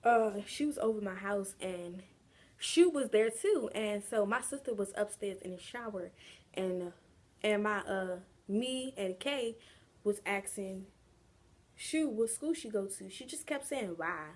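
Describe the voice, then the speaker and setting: A woman's voice: mid-range voice, unhurried. A young adult woman telling a casual storytime vlog, chatty and slangy, drawing the story out. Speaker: vlogger.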